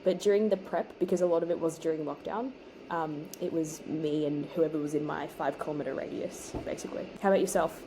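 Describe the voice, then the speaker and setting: A young woman chatting casually while baking, chatty and quick to laugh, with lively emphasis. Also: sits low, rough recording. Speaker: home baker and co-host. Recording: noticeable background noise.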